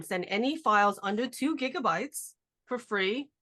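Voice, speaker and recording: A woman's voice: fairly high pitch, animated, bright, forceful tone. A woman hosting a casual podcast chat from her cold garage over a video call, sounding nasal from a cold. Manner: chatty, upbeat, fast asides. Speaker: podcast host.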